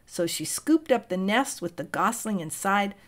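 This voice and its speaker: A woman reading a children's novel aloud in a calm and clear way. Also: medium pitch, normal speed. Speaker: reader. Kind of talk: storybook read-aloud.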